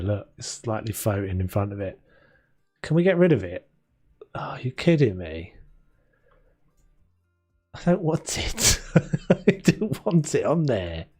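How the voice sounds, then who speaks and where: A young man with a husky, a little mellow voice on the low side streams a renovation game. He rambles and chats loosely with viewers, talking to chat and laughing often, giving casual gameplay commentary over faint game music.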